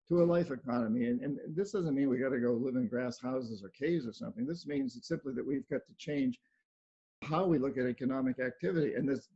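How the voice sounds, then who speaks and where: An older man with a husky voice speaks earnestly over a video call and repeats words as he thinks aloud. The sound is dull and lo-fi, typical of a call recording. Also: mid-range voice, warm tone. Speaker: interview guest, author. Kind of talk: casual video-call interview.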